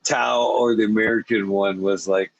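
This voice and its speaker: A man's voice: fairly low pitch, steady tone, moderate pace, vocal fry, dry recording, lo-fi sound. A young man hosting a casual late-night podcast chat, laid-back and swearing freely, who slips into mocking voices as he laughs. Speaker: podcast host.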